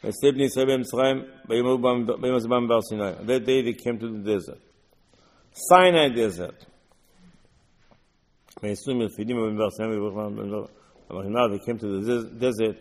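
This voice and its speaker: A man giving a Torah lesson, explaining verses line by line in halting non-native English mixed with Hebrew. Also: mid-range voice, in a large hall. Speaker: Torah teacher.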